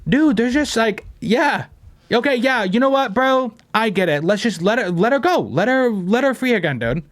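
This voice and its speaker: A man's voice: very high voice, animated, normal speed, dry recording. A man hosting a casual podcast, brash and joking, swearing and saying "bro" and "dude" a lot. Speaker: podcast host.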